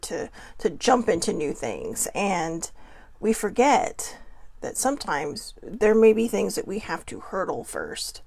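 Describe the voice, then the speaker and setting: A woman hosting her own vlog, chatting casually with frequent fillers and laughs, telling stories with lively quoted voices. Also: medium pitch, gravelly, slightly rough, no room sound. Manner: animated, lively quoting in dream story. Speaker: vlog host. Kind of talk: casual rambling chat.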